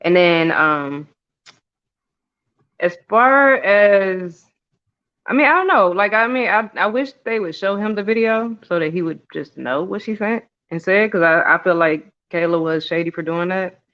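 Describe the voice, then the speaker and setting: A man's voice: sits high, expressive, unhurried, clear, resonant tone. A man chatting casually as a recap co-host, thoughtful and hedging, with frequent "um"s. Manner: thoughtful and hedging, many "um"s and "I don't know"s. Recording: dull, lo-fi audio.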